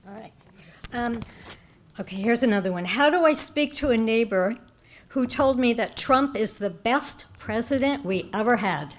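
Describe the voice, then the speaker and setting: A woman moderating, reading audience questions aloud in a measured way. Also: fairly high pitch, animated, a little hiss or hum.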